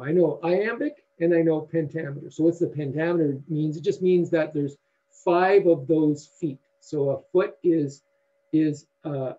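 A man giving a university lecture in a halting way, with many fillers and restarts. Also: on the high side, warm tone, husky, lo-fi sound.

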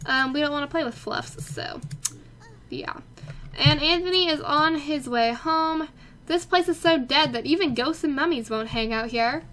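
A young woman with a high, bright voice gives casual, chatty game commentary. She gets excitable and talks straight to the characters on screen. A faint hiss sits under the recording. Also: normal speed. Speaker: let's play host.

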